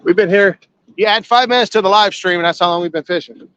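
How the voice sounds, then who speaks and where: A man hosting a casual live fishing stream from a boat on a river, folksy and excitable, whooping when a fish is released. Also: high voice, fast, smooth, no room sound. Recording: lo-fi outdoor stream with boat noise.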